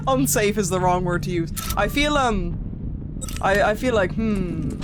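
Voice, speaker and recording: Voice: medium pitch, expressive, normal speed, noisy background. A gaming streamer chatting casually during a live stream, rambling and answering chat. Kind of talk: live game stream commentary.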